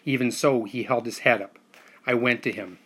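A man reads a first-person story aloud at a steady, measured pace. His voice sits at a middle pitch, bright in tone with a husky grain. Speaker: audiobook narrator. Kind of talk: scripted first-person narration.

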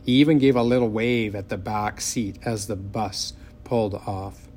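Measured, expressive male audiobook narrator. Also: lowish voice, soft background music.

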